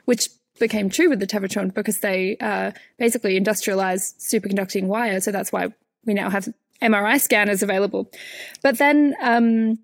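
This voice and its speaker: Woman physicist guest, eager, laughs easily, higher voice, dry mic. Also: no echo. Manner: enthusiastic, laughs often, many fillers. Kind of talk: conversational interview.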